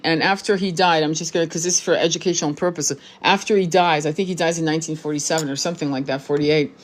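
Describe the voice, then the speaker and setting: Woman, 60s, low-pitched, blunt, profane, emphatic repetition, casual spiritual monologue. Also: steady tone, quick pace. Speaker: tarot reader and spiritual teacher.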